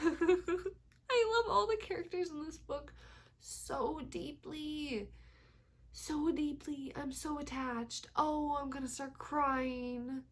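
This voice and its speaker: A young woman chatting casually at home in a book vlog, gushing, swearing freely and laughing often. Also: high voice. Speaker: book vlogger. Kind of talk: casual reading vlog chat.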